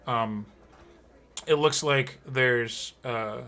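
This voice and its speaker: Rambling, bright-voiced male game master. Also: medium pitch, extremely slow. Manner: rambling, full of fillers and laughter. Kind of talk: narrating a tabletop game.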